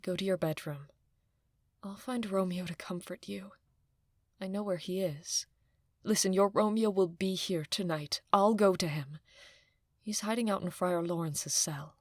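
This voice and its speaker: A woman's voice: fairly low pitch, measured pace, no room sound, clean studio sound. A woman voicing the Nurse, a caring servant, in an audio drama, speaking in a soothing way. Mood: reassuring. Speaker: actor playing the Nurse.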